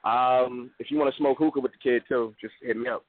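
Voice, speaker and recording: A man's voice: medium pitch, fairly even intonation, fast, dry recording. A man comedian plugging his shows in a loose, joking way, heard over a phone-like line. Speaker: comedian guest. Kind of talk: casual podcast chat. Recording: phone-like narrow sound.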